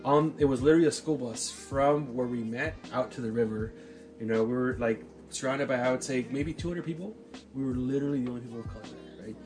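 A man in his forties telling a story in casual chat, profane and animated, often checking in with "right?". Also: medium pitch, fast talker, soft background music.

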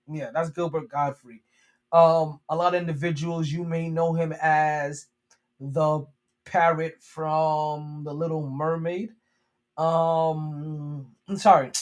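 Male sports podcast host, casual and profane, stumbles and restarts often, slightly higher voice. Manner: rambling, profane, frequent restarts.

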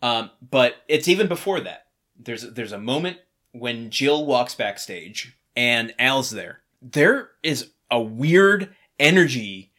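A man's voice: mid-range voice, very animated, slow, pushed and bright. A man co-hosting a podcast, recapping an episode in a loose, joking way with filler words. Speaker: podcast co-host. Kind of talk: casual chat about a sitcom episode.

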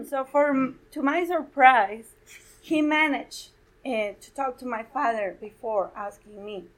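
Spanish-native woman, slightly high voice, chatty storyteller who laughs often. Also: takes it slowly, low-quality recording. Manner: laughs often, retells dialogue. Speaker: guest speaker. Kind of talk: casual storytelling.

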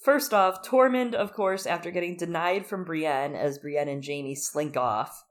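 Gushing, animated young woman. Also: fairly low pitch, measured pace. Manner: animated, gushing, acts out quotes with laughs. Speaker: podcast co-host. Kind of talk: casual chat recapping a TV episode.

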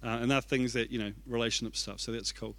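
A man's voice: mid-range voice, fairly even intonation, fast talker, a bit bright, no echo. A young man preaching a sermon as an executive pastor, telling stories in a chatty, self-deprecating way. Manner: conversational, self-deprecating storytelling.

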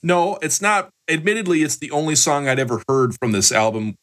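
A man's voice: fairly high pitch, fairly quick, a bit bright. A man co-hosting a podcast, asking the others questions in casual chat. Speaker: podcast co-host.

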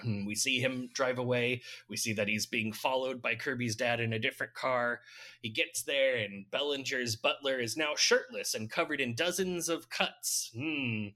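A man's voice: mid-range voice, moderate pace, sharp tone. A man casually recapping a film's plot on a podcast, laughing often and cracking dry jokes. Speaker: podcast host recapping a film. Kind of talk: casual chat.

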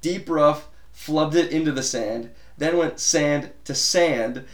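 A man's voice: fairly high pitch, measured pace, hardly any pauses. A man co-hosting a podcast in a casual sports chat, telling stories with gusto, acting out quotes and swearing freely. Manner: animated storyteller, swears freely, acts out quotes. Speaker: podcast co-host. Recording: echoey room.

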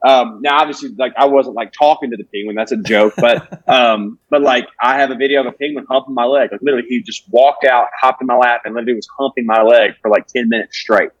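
A man's voice: medium pitch, fairly even intonation, fast, few pauses, no echo. A man in his twenties from Alabama, chatting casually as a comedian guest on a podcast, rambling with lots of likes and restarts. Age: 20s. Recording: dull dry lo-fi sound.

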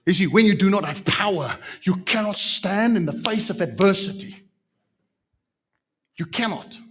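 A man with a South African accent preaching a sermon in an animated, emphatic way, full of rhetorical questions. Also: sits high, normal speed, breathy edge.

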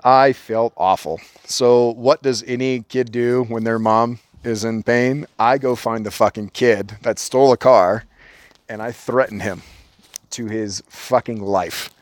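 A man from Orange County, California, telling a profane story as a podcast guest in a casual, animated way. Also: mid-range voice, unhurried.

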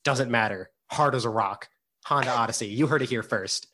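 A young man co-hosting a podcast in a casual, rambling way. He laughs often and stumbles over his words. His voice sits at an ordinary middle pitch. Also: brisk, bright, forceful tone. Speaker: podcast co-host.

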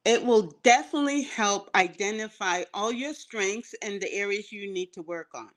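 A woman in an interview, speaking as a coach in an earnest, affirming manner. Her pitch sits in an ordinary middle range. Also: moderate pace. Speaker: leadership coach and minister. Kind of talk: conversational interview.

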